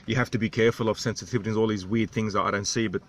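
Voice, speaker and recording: A man's voice: on the low side, fairly even intonation, racing, a bit bright, a little hiss or hum. An Australian man in his thirties, telling stories in a rambling, candid vlog. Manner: rambling, candid, self-deprecating. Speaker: vlogger. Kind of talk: casual vlog storytelling.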